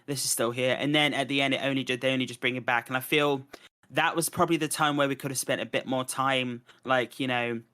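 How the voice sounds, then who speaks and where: A man's voice: medium pitch, steady tone, fast talker, bright, forceful tone, clear, resonant tone. A man hosting a podcast, reviewing a film in casual chat, rambling with frequent restarts and fillers. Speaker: podcast host.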